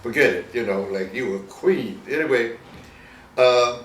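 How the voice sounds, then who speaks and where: A man's voice: mid-range voice, measured pace, a bit bright. A man in his eighties with a Southern American accent, telling stories in a rambling, chuckling way during an interview. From Virginia, US. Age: 80s. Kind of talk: casual storytelling interview. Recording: roomy, distant mic with faint noise.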